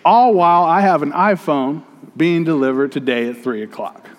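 Man, pastor, higher-pitched voice, chatty storytelling sermon, long hall reverb. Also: normal speed. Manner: conversational storytelling, addressing the congregation.

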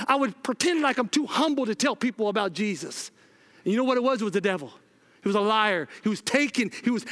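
A man's voice: sits high, a bit bright. A man preaching a sermon, urgently repeating "listen" to the congregation and telling personal stories with acted-out dialogue.

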